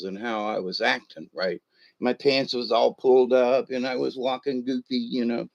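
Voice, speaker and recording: A man's voice: medium pitch, steady tone, normal speed, creaky, highs cut off. A man, chuckling as he tells a rambling personal story full of ums and uhs. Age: 60s. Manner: rambling, chuckling, with many fillers.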